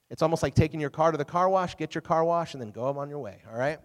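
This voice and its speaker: Animated youth pastor in a hall. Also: male voice, a little high, fast. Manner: animated, asks the audience questions. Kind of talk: youth sermon.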